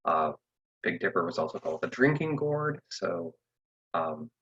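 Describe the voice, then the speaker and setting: A man's voice: deep voice, a little slow, a little hiss or hum. A man, an astrophysicist giving a casual library talk, explaining step by step with plenty of ums and uhs. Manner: relaxed, many fillers, explains step by step. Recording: dull lo-fi audio.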